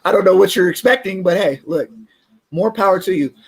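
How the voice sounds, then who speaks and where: Podcast guy, kinda high voice, laid back, talks through his picks. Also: moderate pace, slightly rough. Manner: relaxed, chatty, laughs easily, stumbles on words. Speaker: podcast co-host. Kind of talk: casual sports talk, mock draft.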